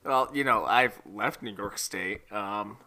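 A man's voice: on the low side, takes it slowly, sharp tone, slight background noise. A man co-hosting a podcast, joking, teasing and swearing freely in casual chat. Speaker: podcast co-host.

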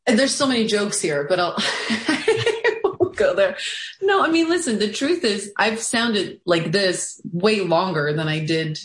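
A woman's voice: medium pitch, expressive, measured pace. A candid woman guest talks with loose, rambling self-mockery and plenty of fillers. She is from South Africa, and her first language is Afrikaans. Her voice sits in a middle range and rings in a roomy, echoey space over a video call. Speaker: guest actor. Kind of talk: casual interview chat.

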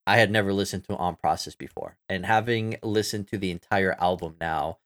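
A man's voice: sits low, brisk, fairly bright tone. A young man co-hosting a casual podcast, talking with enthusiasm and rambling with fillers and restarts. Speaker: podcast co-host. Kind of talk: casual chat.

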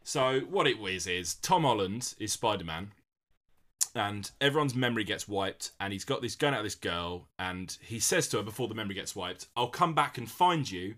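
A man co-hosting a casual comedic podcast, rambling and acting out film scenes with big jumps in pitch. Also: fairly bright tone. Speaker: podcast co-host.

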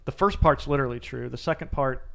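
A man's voice: mid-range voice, quick pace, vocal fry, a bit bright. A man, a former soldier turned mental coach, answering interview questions in an earnest, emphatic coaching manner. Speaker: guest, former Navy SEAL and mental coach.

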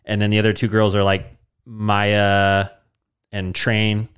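A man hosting a podcast, telling a rambling, deadpan comic story full of fillers. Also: fairly low pitch, slow, clean tone. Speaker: podcast host. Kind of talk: casual comedic storytelling.

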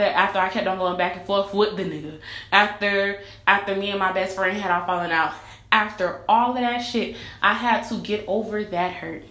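A woman's voice: mid-range voice, bright, forceful tone. A young woman telling her own story in a candid vlog monologue, blunt and profane, driving her points home with repetition. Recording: echoey room with faint ambience.

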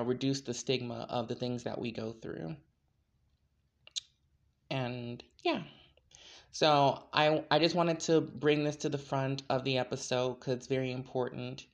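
A woman hosting a podcast, chatting casually and introducing her guest with lots of fillers. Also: extremely low pitch. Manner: chatty, warm-hearted, filler-heavy. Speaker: podcast host.

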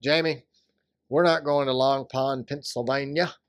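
A man co-hosting a casual podcast, chatting and joking in an animated way. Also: mid-range voice, measured pace, no room sound. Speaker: podcast co-host. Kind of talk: casual chat.

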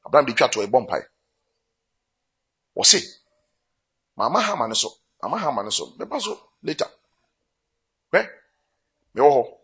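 Husky, high-pitched Ghanaian preacher man. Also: fairly bright tone. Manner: preaching with rising bursts, mixing Twi and English. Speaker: pastor. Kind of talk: sermon.

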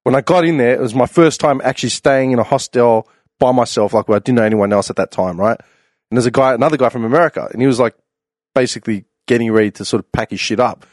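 A man telling a long, animated travel story in casual chat, slangy and swearing freely. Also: medium pitch, quick pace, dry recording, studio quality.

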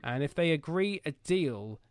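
A man's voice: a little high, animated, measured pace, smooth, no room sound. Male podcast host, rambling jokey chat, dry room. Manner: jokey and rambling, with many fillers. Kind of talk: casual football chat. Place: home.

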